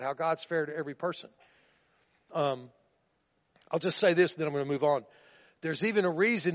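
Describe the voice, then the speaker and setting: A man preaching a sermon in a conversational way, often checking in with listeners by asking "right?", on a dull recording with long reverb in a large room. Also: sits high.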